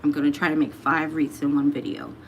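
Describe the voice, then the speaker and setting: A woman hosts a casual livestream from her home, chatting easily and reading viewer comments aloud. Her voice sits a little low and she laughs often. A faint background hum runs under her talk. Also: flat delivery, a little fast, dull audio. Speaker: livestream host.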